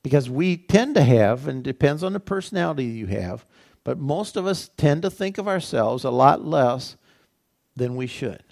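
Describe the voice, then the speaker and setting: A man's voice: mid-range voice, expressive, moderate pace, gravelly, a little mellow. A male pastor giving a sermon in a conversational way, repeating phrases and asking the congregation rhetorical questions. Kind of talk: sermon teaching.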